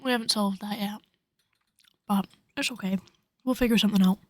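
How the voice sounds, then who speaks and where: A woman's voice: medium pitch, fairly even intonation, brisk, no echo, rough recording. A teenage girl co-hosting a casual chat, laughing as she tells stories in an easygoing way. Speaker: co-host.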